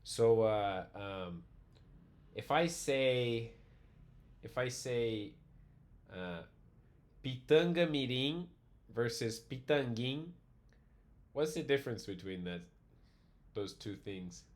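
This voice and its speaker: Male instructor, measured pace, casual teaching tone with light laughs. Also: mid-range voice, animated. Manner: thinking aloud, frequent "right?" checks and soft laughs. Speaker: language teacher. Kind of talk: online language class discussion.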